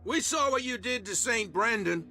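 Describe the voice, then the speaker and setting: A man's voice: very high-pitched, lively intonation, moderate pace, pushed and bright, exaggerated voice. An actor playing an angry, superstitious island townsman in a game, jeering at outsiders. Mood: suspicious.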